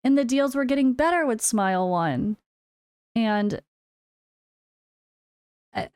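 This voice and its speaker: A woman's voice: a little high, animated, slow pace, pauses often, darkish tone, clear, resonant tone, dry recording, clean studio sound. An American woman, a full-time gaming content creator, talking candidly to her viewers in a casual vlog, with wry sarcastic asides. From United States. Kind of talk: casual chat.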